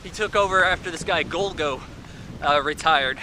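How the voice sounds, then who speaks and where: A man's voice: fairly high pitch, moderate pace, background noise. A man giving a casual, rambling spoken film review in an offhand way. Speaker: movie reviewer.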